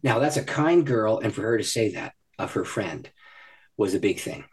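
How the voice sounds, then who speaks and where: A man who is a guest on a podcast, telling a personal story in an animated way and laughing often. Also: lowish voice, normal speed, breathy edge. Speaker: podcast guest, ministry leader. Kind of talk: storytelling in a conversation. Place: podcast recording.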